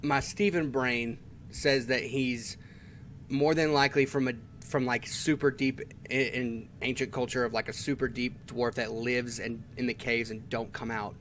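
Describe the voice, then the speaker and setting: Male player, casual and halting speech, mid-range pitch, faint noise under the recording. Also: fairly even intonation, a bit bright. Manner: hesitant, full of restarts and fillers. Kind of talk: casual tabletop game chat.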